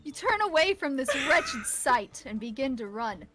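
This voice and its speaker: A woman's voice: sits high, very animated, normal speed, music in the background. A woman streamer reading a game's narration aloud in a dramatic, playful way while chatting with a friend. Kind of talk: reading game narration with chat.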